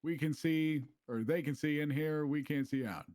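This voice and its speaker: Man, mid pitch, dry close sound; instructive trainer walking recruits through a station. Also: normal speed, darkish tone, no echo. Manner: explanatory, instructive. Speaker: police trainer giving a station tour. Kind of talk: casual role-play walkthrough.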